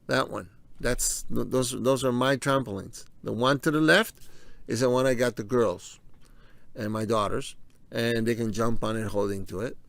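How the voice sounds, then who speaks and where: A man's voice: mid-range voice, normal speed, vocal fry, no room sound. A man giving a casual explainer talk, speaking conversationally, repeating his key points and talking viewers through slides. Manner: walks through on-screen slides. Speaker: presenter of a health video.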